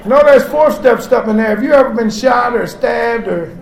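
A man in his forties giving a raw, profane personal testimony to a group, swinging between shouting and hushed talk. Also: very high voice, normal speed, gravelly. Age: 40s. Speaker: speaker sharing his story with a group. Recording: echoey room with background noise.

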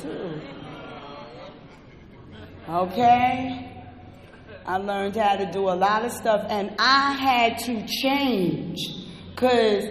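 A person sharing a personal recovery testimony at an indoor meeting, talking with passion and swinging between quiet and shouting. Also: high-pitched. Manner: impassioned, swings from soft to shouting. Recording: roomy echo with long hall reverb.

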